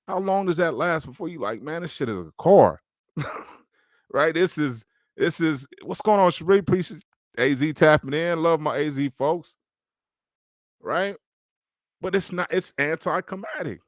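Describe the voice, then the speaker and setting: Male podcast host, casual and preachy motivational talk, average pitch, dry close mic. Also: no room sound.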